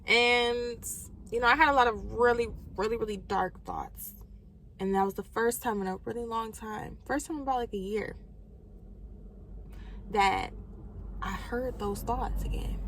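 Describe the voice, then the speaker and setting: A young woman talks straight to her viewers in a bright, slightly high voice. She is animated and emphatic as she shares a personal faith testimony, often calling them y'all. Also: unhurried, long pauses, a little hiss or hum, rough recording. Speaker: vlogger and book recommender. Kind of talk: casual faith testimony to camera.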